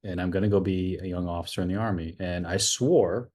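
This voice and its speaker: Low-voiced American man telling stories. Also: fairly quick. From United States. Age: 40s. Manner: animated storyteller, acts out dialogue, laughs at himself. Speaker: guest, retired army officer and coach. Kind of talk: conversational interview storytelling.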